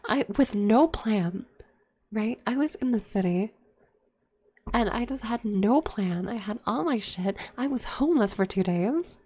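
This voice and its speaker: A woman's voice: fairly high pitch, animated, measured pace, a little mellow, slightly rough. A young adult woman telling a candid, profane personal story in whispered ASMR chat, full of fillers. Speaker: streamer.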